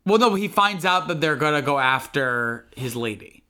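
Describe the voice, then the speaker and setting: Podcast host, casual movie recap, rambling, filler-heavy, dry asides, bright tense tone. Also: mid-range voice, expressive, normal speed, clear, resonant tone. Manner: rambling, filler-heavy, many ums and likes. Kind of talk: casual chat recapping a film plot.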